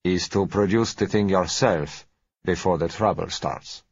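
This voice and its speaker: A man voicing a smooth, polite South American businessman who speaks gently and unhurriedly, in a dull lo-fi recording. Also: low-pitched, measured pace, heavily acted. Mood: suave.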